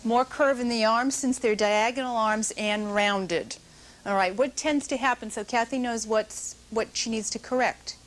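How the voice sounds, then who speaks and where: A woman's voice: on the high side, unhurried. A middle-aged woman teaching a dance notation class in a studio, coaching dancers and calling counts aloud.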